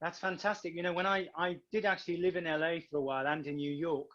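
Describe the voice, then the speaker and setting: A British man speaks as a singer guest on a radio show, chatty and quick to poke fun at himself. His voice sits a little high for a man. His audio sounds dull and muffled, as over a remote line. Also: little pitch movement, fairly bright tone. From United Kingdom. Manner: chatty, self-deprecating humor. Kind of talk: casual interview.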